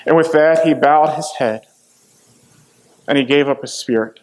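A man's voice: a little high, a little slow, darkish tone. A man preaching a sermon, dramatically retelling a scripture passage and acting out the voices in it. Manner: dramatic, acts out the quoted voices.

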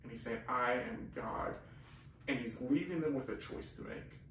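Here a man of medium pitch talks a little fast, co-hosting a conversational Bible teaching with earnest, emphatic speech and frequent restarts. He's recorded from far off on a camera mic, so the room sounds echoey and there's faint hiss.

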